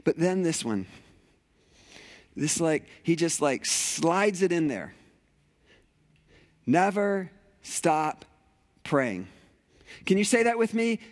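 A man preaching a conversational sermon in a church sanctuary, animated and playful with rhetorical questions. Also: fairly high pitch, slow, pauses often. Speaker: pastor.

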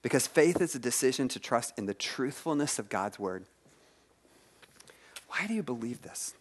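A man preaching a sermon, retelling scripture stories in a lively way and asking his listeners questions. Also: medium pitch, moderate pace, slightly rough. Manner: animated storytelling preacher, asks the audience questions. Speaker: pastor.

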